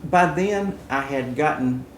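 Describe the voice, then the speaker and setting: A man's voice: mid-range voice, slow. A man in his seventies answers briefly and plainly. He has an everyday mid-range voice, heard with roomy echo and a faint background hiss. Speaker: guest and Vietnam veteran. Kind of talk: interview answers.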